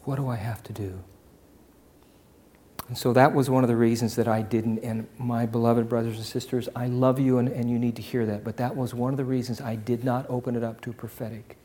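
Male pastor, sermon delivery, swings between booming passion and soft near-whisper, mid-range voice. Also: little pitch movement, a little fast. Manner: swings from loud impassioned preaching to hushed near-whisper.

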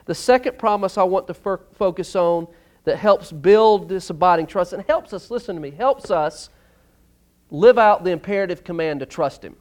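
Male pastor, high voice, emphatic sermon delivery in a church. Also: normal speed. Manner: emphatic, surges loud on key words. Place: church sanctuary.

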